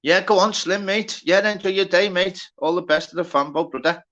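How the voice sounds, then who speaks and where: A man's voice: high voice, fairly even intonation, a little fast, bright, forceful tone, highs cut off. A man with a Liverpool accent hosting a casual live stream, chatty and sweary, greeting viewers by name. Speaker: livestream host.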